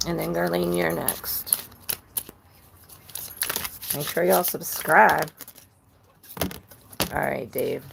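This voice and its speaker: A woman's voice: deep voice, very slow, gravelly, long pauses, noisy background. A woman giving a live-streamed tarot reading, rambling and chatting with viewers between cards. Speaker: tarot reader.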